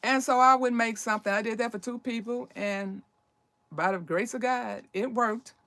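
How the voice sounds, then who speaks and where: A woman's voice: moderate pace, fairly bright tone, no echo. A middle-aged woman chatting casually in a how-to vlog about herbal remedies, peppering her talk with "you know" and "okay?" and acting out the voices in her stories. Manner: acts out quoted voices with big pitch swings.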